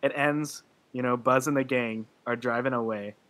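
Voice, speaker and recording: A man's voice: medium pitch, steady tone, moderate pace, a bit bright. A man co-hosting a movie podcast, talking in an emotional, laughing way in casual chat. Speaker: podcast co-host.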